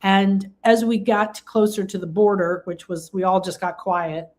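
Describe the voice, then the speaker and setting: A woman from England leads a casual live spiritual talk at a middle pitch. She speaks in an effusive, gushing way and often restarts her sentences. Now and then she breaks into excited exclamations. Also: measured pace. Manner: rambling, with frequent restarts and fillers. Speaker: spiritual teacher and live-stream host.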